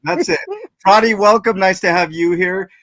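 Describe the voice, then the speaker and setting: A man's voice: sits high, moderate pace, fairly bright tone, no echo. A man hosting a casual comedy stream, joking and calling on each panelist in turn. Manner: joking, laughs often, runs the turns. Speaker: show host. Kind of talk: casual livestream banter.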